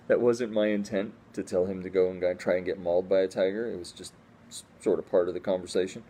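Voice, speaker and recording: A man's voice: low-pitched, fairly even intonation, a little fast, warm tone, slight background noise. A man from the Northeastern United States chatting casually at home in a rambling, easygoing way, full of restarts. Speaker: squirrel rehabber vlogger. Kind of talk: casual home vlog chat.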